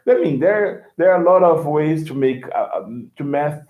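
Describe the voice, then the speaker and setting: A man whose first language is Portuguese, teaching English in a casual, animated way, often repeating words and acting out quotes. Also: a little high, moderate pace. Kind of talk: casual lesson commentary. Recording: echoey, phone-like sound.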